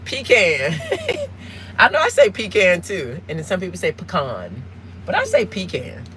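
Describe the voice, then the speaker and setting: A woman's voice: fairly low pitch, huge pitch swings, normal speed, a bit bright, rough recording. A woman from the States, chatting casually and rambling to her viewers while driving, asking them questions now and then. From Southern United States. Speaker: live-streaming vlogger. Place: inside a car in traffic. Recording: clear car road noise behind.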